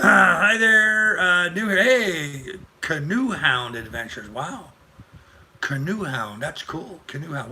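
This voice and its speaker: Older male host, rambling live chat, very bright voice, pitched a bit high. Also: a little hiss or hum. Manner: rambling, chatty, greets viewers. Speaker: livestream host. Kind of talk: casual live-stream chat.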